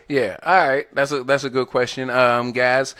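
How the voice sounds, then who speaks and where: A man's voice: mid-range voice, flat delivery, unhurried, fairly bright tone, no echo, studio quality. A man co-hosting a casual podcast chat, rambling, repeating himself and laughing often. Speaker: podcast co-host.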